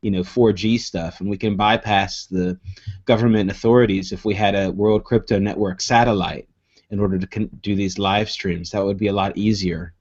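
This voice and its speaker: A man's voice: lowish voice, fairly even intonation, normal speed, a little mellow, slightly rough. A man co-hosting a live online show in casual chat, rambling with many restarts. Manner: rambling, with restarts and "you know"s. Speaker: co-host. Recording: dull lo-fi stream audio.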